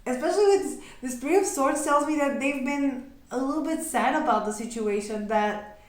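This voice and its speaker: A young woman talks through a tarot reading in a loose, chatty way. She giggles often and slips into little acted-out voices. Her voice sits a little high and rings in a very echoey room. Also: normal speed. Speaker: tarot reader.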